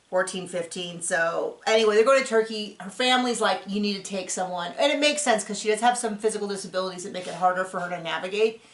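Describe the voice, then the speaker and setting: A woman hosts a laid-back recap at home. She talks in a chatty, rambling way, restarting her sentences as she goes, at an ordinary middle pitch. Her voice carries a roomy echo. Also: fairly bright tone. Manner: chatty, rambling, self-correcting. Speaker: host recapping a reality show. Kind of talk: casual chat. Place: home room.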